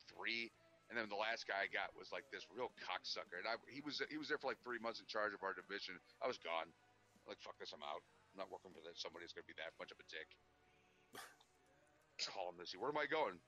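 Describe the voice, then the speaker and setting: A man's voice: lowish voice, sharp tone. A man who drives trucks, telling long rambling stories in casual podcast chat and cursing freely. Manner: profane, rambling storyteller. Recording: dull lo-fi podcast audio.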